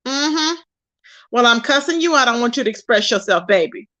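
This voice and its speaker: A woman's voice: fairly high pitch, expressive, normal speed, pushed and bright. A woman hosting a casual livestream, reading chat aloud and roasting a rival in a sassy way, calling viewers baby and boo. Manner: drawls endearments like baby and boo. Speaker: livestream host.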